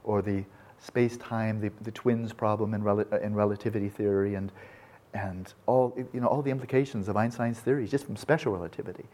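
A man with a lowish, slightly mellow voice talks fairly quickly in a steady tone. He speaks on Buddhism and science in an informal, wandering lecture, often restarting sentences and sounding enthusiastic.

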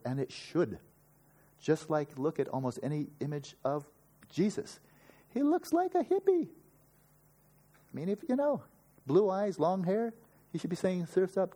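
A man's voice: mid-range voice, warm tone, slightly rough. A man teaching at a meditation retreat, giving an emphatic, opinionated dharma lecture with sarcastic asides. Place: retreat session.

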